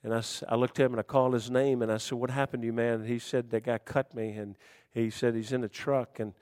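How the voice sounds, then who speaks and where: A man preaching a sermon in folksy dialect, swinging between shouted warnings and hushed, quiet storytelling. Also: medium pitch, flat delivery, quick pace, no echo, clean studio sound.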